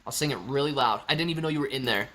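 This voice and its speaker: A man's voice: medium pitch, rapid-fire, pushed and bright. A young man hosting a casual live stream, joking around and reading viewer chat aloud. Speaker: livestream host.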